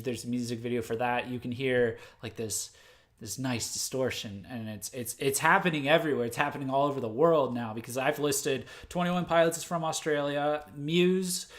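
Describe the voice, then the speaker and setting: A man from the United States hosting a music news livestream, talking off the cuff with lots of fillers, restarts and self-corrections. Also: mid-range voice. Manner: laughs at his own mistakes. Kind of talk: unscripted livestream commentary.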